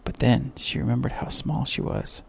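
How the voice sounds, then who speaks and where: A man narrating a sleep story with slow, soft bedtime reading. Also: mid-range voice, flat delivery, creaky, slight background noise.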